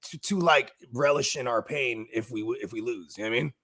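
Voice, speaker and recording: A man's voice: mid-range voice, fairly quick, fairly bright tone, no room sound. A man co-hosting a casual sports chat, talking in loose, slangy, laughing banter. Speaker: co-host.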